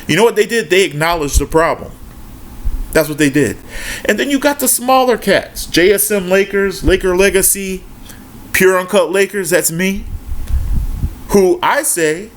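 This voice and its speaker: A man's voice: mid-range voice, slight background noise. A man hosting his own basketball YouTube channel, giving a casual, emphatic opinion rant full of "right?" and "man" and some swearing.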